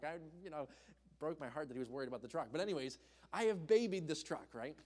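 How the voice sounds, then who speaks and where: A young man preaching from the pulpit, slightly high-voiced and animated as he tells his own story. His voice rings out with a long reverb in a church hall. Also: fast. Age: young adult. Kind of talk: storytelling sermon.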